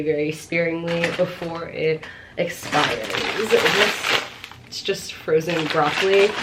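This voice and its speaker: At home, a pregnant young vlogger with a lowish voice chats through a casual haul video amid background noise. She gushes, leans on plenty of fillers, and sounds short of breath.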